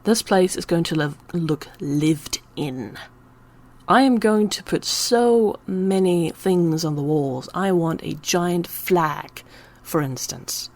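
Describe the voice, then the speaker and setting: A channel host speaks in a lowish, slightly mellow voice at a slow pace. Her unscripted personal ramble is emotional and teary, bringing her close to tears, and at times she drops to a whisper.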